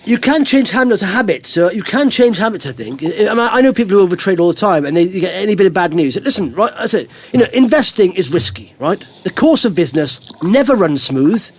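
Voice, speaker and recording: Fast-talking man, chatty host. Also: sits high, very animated, breathy edge. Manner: rambling, anecdotal, chuckling often. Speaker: podcast host. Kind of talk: casual podcast chat.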